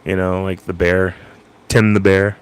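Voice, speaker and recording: A man with a Cajun accent talking casually about doing impressions, rambling with lots of halting restarts. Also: low-pitched, flat delivery, clean tone, no room sound. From Louisiana. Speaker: vlogger.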